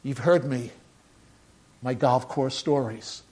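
A man's voice: mid-range voice, takes it slowly, darkish tone, husky. An older man, a pastor, preaching a sermon in a conversational way that rises into emphatic bursts.

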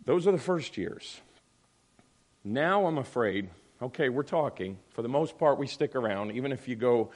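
Middle-aged male Sunday school teacher, emphatic delivery, slips into quick impressions of others. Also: medium pitch, expressive, darkish tone. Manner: emphatic, acts out other people's voices. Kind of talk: teaching a church class.

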